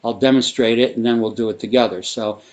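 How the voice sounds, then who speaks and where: A man teaching a guided vocal breathing exercise, talking in a relaxed, rambling way with fillers and restarts. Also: medium pitch, quick pace, highs cut off. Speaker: sound therapy teacher.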